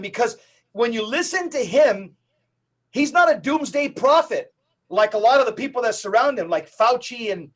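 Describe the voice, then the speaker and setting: A man who is a Catholic evangelist, a guest on a podcast interview, talking in an emphatic, preacher-like, rapid-fire way. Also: very high-pitched.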